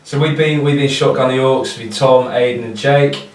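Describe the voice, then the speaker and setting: A relaxed male podcast host talks loosely with plenty of fillers as he wraps up. His voice sits at an ordinary pitch. The mic is some way off in a roomy space. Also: moderate pace. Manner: relaxed, laid-back wrap-up with fillers. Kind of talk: casual chat. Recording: roomy distant recording.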